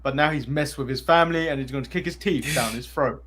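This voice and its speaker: A man's voice: medium pitch, fast, a crowd in the background. A man with an English accent co-hosting a casual podcast, recapping events and chuckling as he goes. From England. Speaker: podcast co-host. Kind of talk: casual chat.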